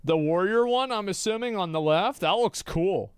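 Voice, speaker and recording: A man's voice: high voice, animated, moderate pace, clean tone, no echo. Blunt, swearing male streamer. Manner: blunt, swearing, loud mocking outbursts. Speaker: streamer reacting to a video. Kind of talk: casual reaction commentary.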